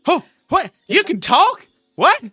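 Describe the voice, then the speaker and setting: A woman's voice: a little high, very animated, moderate pace, creaky, bright, forceful tone, dry recording, clean studio sound, faint music behind, voice pushed up, exaggerated voice. Woman doing a stammering young satyr boy. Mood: flustered. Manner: stammering, gee-golly folksy. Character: shy sweet young male satyr.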